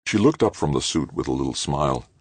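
A man narrating an audiobook in a steady, measured reading. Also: extremely low pitch, breathy edge, no room sound. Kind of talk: scripted narration.

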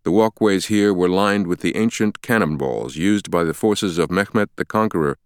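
Deep-voiced male audiobook narrator. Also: moderate pace, smooth, no room sound. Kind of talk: scripted narration.

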